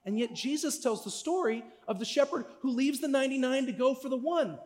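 Male pastor, high voice, conversational sermon, long hall reverb. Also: a little fast. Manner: conversational, asks listeners "right?".

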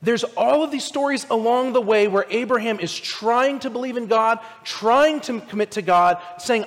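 A male pastor giving a conversational, animated sermon, asking his listeners direct questions. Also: extremely high pitch, moderate pace, few pauses, in a large hall.

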